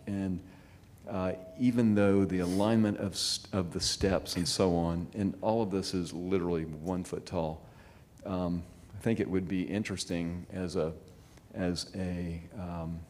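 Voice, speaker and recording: A man presenting a site plan at a city review meeting, halting with many fillers and restarts. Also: low voice, darkish tone, a little hiss or hum. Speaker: project presenter. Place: city meeting, remote or chamber.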